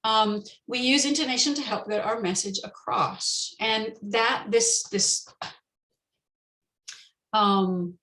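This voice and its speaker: A woman presenting an online teacher-training lecture, explaining step by step with frequent pauses and slowing down to model example sentences. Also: on the high side, fairly even intonation, pushed and bright, reverberant, rough recording.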